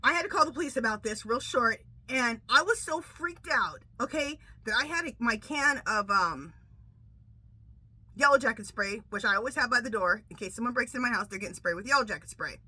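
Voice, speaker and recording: A middle-aged woman hosting a casual tarot vlog, chatty and animated, saying "okay?" constantly and laughing often. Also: a little high, a little fast, husky, no room sound, rough recording. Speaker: tarot reader and channel host. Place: outdoors at home.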